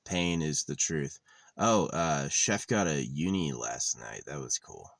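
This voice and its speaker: Living out of a van, a man in his thirties delivers a meandering, sardonic vlog monologue peppered with casual swearing. His very deep, gravelly voice is a bit bright, with lively intonation and a slow pace, in a dry recording.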